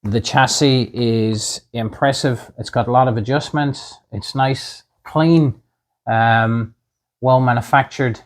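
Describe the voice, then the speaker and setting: A man's voice: medium pitch, fairly even intonation, slow. Upbeat man reviewing model cars. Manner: upbeat, many "um" and "uh" fillers. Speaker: slot car reviewer. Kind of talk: casual review chat.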